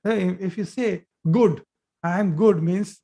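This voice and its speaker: This Arabic teacher speaks in a warm, high-pitched voice with vocal fry, giving a live grammar lesson on a video call through a computer mic. Patient with every point, he repeats his example sentences and often stops with fillers and restarts.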